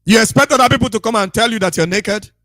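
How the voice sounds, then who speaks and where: A man delivers a scolding radio monologue like a preacher, repeating his points with emphasis. His voice sits very high and sounds bright and forceful. The sound is dry and close, with no room around it. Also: fast talker, no echo. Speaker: radio broadcaster.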